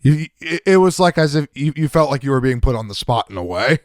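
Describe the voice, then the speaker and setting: A man's voice: medium pitch, lively intonation, brisk, no echo, clean studio sound. A man hosting a casual chat show, friendly and agreeable, laughing along with his guest. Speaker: host.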